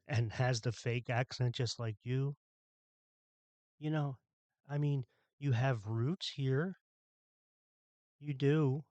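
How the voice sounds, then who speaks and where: A man's voice: medium pitch, darkish tone, no room sound. A man from Philadelphia hosting a solo podcast, ranting bluntly with exasperation and plenty of profanity. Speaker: podcast host.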